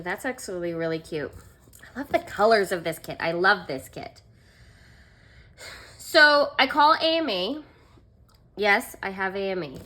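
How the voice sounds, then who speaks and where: Chatty self-mocking woman vlogger, bright voice. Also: medium pitch. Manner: chatty, self-mocking, laughs often, fillers like "like" and "um". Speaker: planner vlogger. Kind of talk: casual storytelling while decorating a planner.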